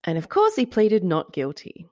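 A woman co-hosting a chatty podcast, her voice sitting on the lower side for a woman. She tells her story with relish, gleeful and animated, swearing now and then. The sound is dry and close, with no room echo. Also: moderate pace. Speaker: podcast co-host. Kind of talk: casual chat.

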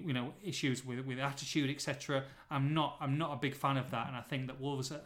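A man co-hosting a casual football podcast, reading out listener questions with chatty, bantering asides. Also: mid-range voice.

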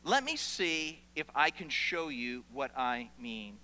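A man's voice: mid-range voice, very animated, slow pace, pushed and bright. A man preaching a sermon as pastor, emphatic and repeating his key phrases. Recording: long reverb of a large hall.

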